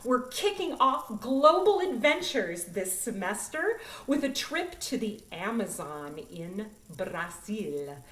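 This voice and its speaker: A woman directing a children's choir in an upbeat online music lesson, talking in an animated, expressive way. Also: mid-range voice, takes it slowly, few pauses. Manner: animated, expressive, demonstrates voice sounds. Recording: roomy, from a distance.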